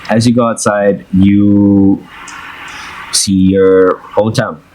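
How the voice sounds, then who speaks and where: A man narrating as game master of a tabletop game, relaxed and laughing often. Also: on the low side, takes it slowly, slight background noise, low-quality recording.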